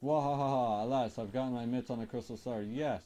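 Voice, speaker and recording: A man voicing a boastful, gruff villainous turtle king while playing through a game. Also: medium pitch, steady tone, brisk, warm tone, soft background music, natural voice. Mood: gloating. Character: bellowing brutish male turtle king villain. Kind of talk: let's play character voicing.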